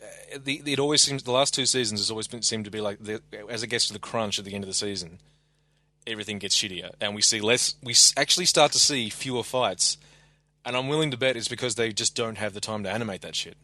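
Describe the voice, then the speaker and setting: A man co-hosting a podcast gives blunt, casual criticism of a show, often stammering through restarts. His voice is bright and forceful, recorded dry and close. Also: lowish voice, fast, no room sound. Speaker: podcast co-host. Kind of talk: casual show review chat.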